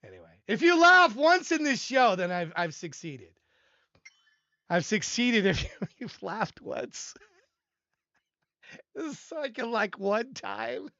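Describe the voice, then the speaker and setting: An older man hosts a live music-review stream, talking in a rambling, self-deprecating way and laughing often. His voice is bright and animated, swinging widely in pitch. The sound is dry and a little dull. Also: gravelly, no room sound. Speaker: livestream host reviewing music submissions. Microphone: desk microphone.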